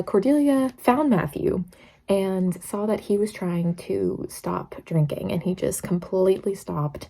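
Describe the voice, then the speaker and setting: In this casual reading vlog, a young female book vlogger reacts to what she's reading in a mid-range voice with a dark tone. She's chatty and emotional, frequently tearing up and laughing.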